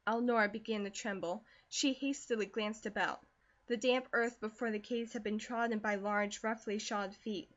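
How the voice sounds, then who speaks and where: A woman narrating a classic novel audiobook in a measured storytelling manner. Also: mid-range voice, fairly even intonation, fairly bright tone, dull audio. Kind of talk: scripted narration.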